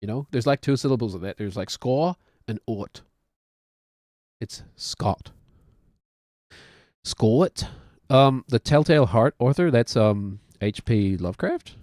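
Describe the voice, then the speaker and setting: A man's voice: medium pitch, lively intonation, normal speed, few pauses, a little mellow, dry recording, studio quality. A man in his thirties with a New Zealand accent, chatting casually while he plays a game and cracks self-mocking jokes. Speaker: streamer.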